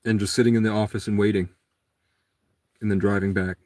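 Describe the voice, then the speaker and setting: A man's voice: lowish voice, little pitch movement, fairly quick, a little mellow, no room sound. A man telling a long personal story in a casual, rambling monologue. He acts out the other people's lines in a raised voice.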